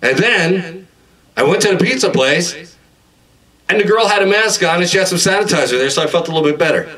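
A man, a singer-songwriter, rambling through comic stories between songs, full of "like" and "uh" and shouting out quoted lines. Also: sits high, expressive, a little fast. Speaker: singer-songwriter performing a home concert. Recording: distant mic under loud guitar.

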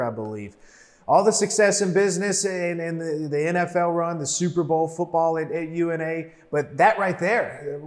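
A man interviewing a guest, asking measured, leading questions. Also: on the high side.

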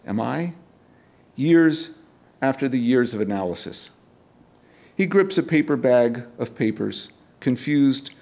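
A middle-aged man, a poet, reading his poems aloud at a university event in a measured, deliberate way, with casual remarks between poems. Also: lowish voice, creaky, darkish tone. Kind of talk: poetry reading.

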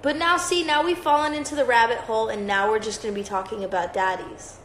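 A woman's voice: fairly high pitch, fairly even intonation, fast talker, fairly bright tone, a little hiss or hum. A woman hosting a livestream, chatting in a rambling, profane, casual way. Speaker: livestream host. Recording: roomy echoey sound.

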